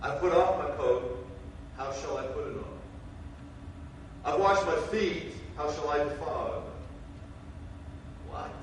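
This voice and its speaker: A preacher delivers an impassioned sermon, rising to shouts and dropping to low murmurs. His fairly high voice rings through a very echoey sanctuary. The mic sits some distance away, with faint noise underneath. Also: a little slow, pauses often. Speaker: pastor. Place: church sanctuary. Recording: roomy hall sound from a distant mic.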